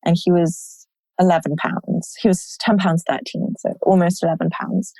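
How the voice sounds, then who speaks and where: A woman guest telling her own story in an open, animated way, with many "like" fillers. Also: on the low side, normal speed, creaky, dry recording, rough recording. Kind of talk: personal storytelling in a conversation.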